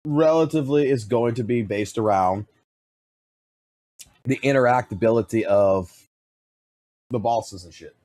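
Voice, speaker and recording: A man's voice: medium pitch, measured pace, long pauses, a little mellow. Blunt, foul-mouthed male streamer. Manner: profane and blunt, swears constantly. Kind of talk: casual live-stream talk.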